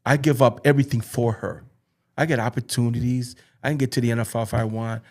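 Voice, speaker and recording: This podcast guest, a youth football coach, speaks quickly in a steady, mid-range voice with a darkish tone. He recounts personal stories with earnest emotion, frequently pausing to repeat and restart phrases.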